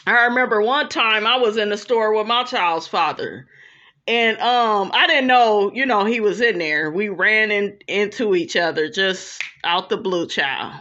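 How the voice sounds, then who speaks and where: A woman's voice: mid-range voice, unhurried, bright, forceful tone. A woman giving blunt, profane commentary on her channel, often asking "okay?" to drive a point home. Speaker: reality TV commentator. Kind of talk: casual commentary. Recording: dull lo-fi recording.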